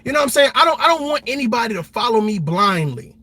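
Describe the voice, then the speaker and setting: An army veteran hosting a livestream, talking passionately in a blunt, repetitive, profane way. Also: male voice, very high-pitched, sing-song, fast, pushed and bright. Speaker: livestream host.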